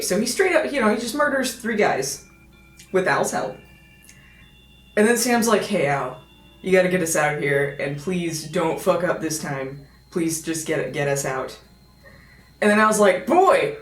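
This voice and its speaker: A woman reviewing a novel in a sarcastic, exasperated comic rant, stumbling over restarts. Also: lowish voice. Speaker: video reviewer. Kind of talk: comedic book review. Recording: echoey room with faint music.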